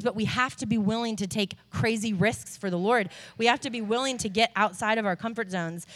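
Animated young woman preaching a testimony. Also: fairly high pitch. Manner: animated storytelling with many fillers. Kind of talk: sermon testimony.

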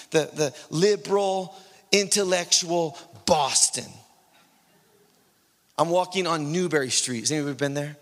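Male pastor, slightly high voice, lively storyteller preaching a sermon, long hall reverb. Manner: storytelling, animated, acts out dialogue, builds to urgent exhortation.

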